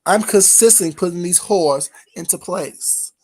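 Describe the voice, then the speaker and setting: A woman hosting a livestream, ranting at her chat in a profane, confrontational way that swings between loud and quiet. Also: lowish voice, unhurried, slightly rough. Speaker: livestream host. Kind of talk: heated livestream rant to chat.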